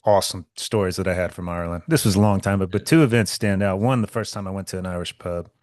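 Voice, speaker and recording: A man hosting a podcast, telling an animated story with swearing and stammered restarts. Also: sits low, fast talker, dry recording, clean studio sound. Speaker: podcast host. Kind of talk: casual podcast chat.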